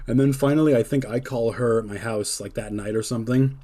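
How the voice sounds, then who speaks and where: A man's voice: medium pitch, moderate pace, mellow. Chatty young man telling a story. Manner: chatty, heavy use of "like", laughs between lines. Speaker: podcast host. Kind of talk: casual storytelling.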